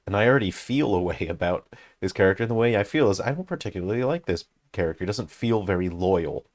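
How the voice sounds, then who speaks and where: A man's voice: on the low side, animated, fast talker. A man, a game developer, giving analytical commentary on a game he is playing, thinking aloud with many fillers. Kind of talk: gameplay commentary.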